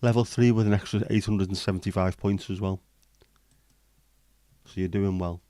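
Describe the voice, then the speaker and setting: Guy hosting a cosy stream, rambling and jokey, very low voice. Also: fairly even intonation, moderate pace, dark tone, no echo. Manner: rambling, jokey, chatting to viewers. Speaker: livestream host. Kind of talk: casual livestream chat.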